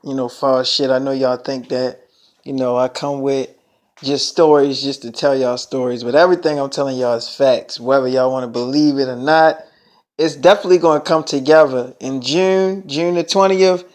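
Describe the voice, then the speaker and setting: A man's voice: medium pitch, fairly even intonation, normal speed, a little mellow. A young man telling a long story in a casual storytime vlog, emphatic and full of profanity. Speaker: vlogger.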